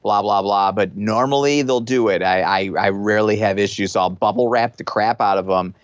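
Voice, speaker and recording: A man's voice: on the low side, a little fast, no echo, dull audio. A young man, a podcast guest, chatting casually and explaining things in a matter-of-fact way. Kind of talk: casual chat.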